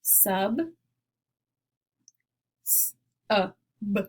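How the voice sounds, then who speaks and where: A woman teaching phonics who speaks very slowly and deliberately. She sounds out each phoneme on its own with a clear pause between them, then blends the sounds into the word. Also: mid-range voice, steady tone. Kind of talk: phonics lesson, slow and deliberate.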